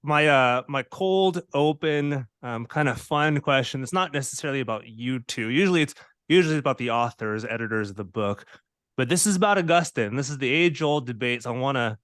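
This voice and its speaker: A man's voice: medium pitch, brisk, fairly bright tone, no room sound, studio quality. A man interviewing two guests on a podcast, chatty and playful, often repeating words as he goes. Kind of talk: casual interview.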